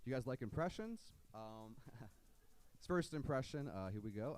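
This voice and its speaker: A man's voice: medium pitch, lively intonation, normal speed. A man doing stand-up comedy, dropping dry one-liners and mock-earnest impressions. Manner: sings comic songs to guitar. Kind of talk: stand-up comedy with sung parody songs. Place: comedy club stage.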